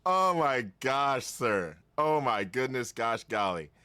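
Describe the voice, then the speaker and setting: A man's voice: mid-range voice, very animated, takes it slowly, bright, forceful tone, clean tone, no room sound. A man hosting a casual podcast, rambling with lots of restarts and laughing often. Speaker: podcast host.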